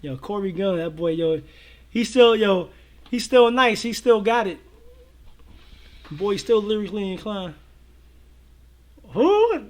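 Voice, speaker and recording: A high-voiced man chats easily with his viewers, full of slang and strings of yeah, yeah. His talk is loose and relaxed, the style of a casual livestream co-host. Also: takes it slowly, long pauses. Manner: laid-back, slangy, many repeated fillers. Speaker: co-host of a reaction show.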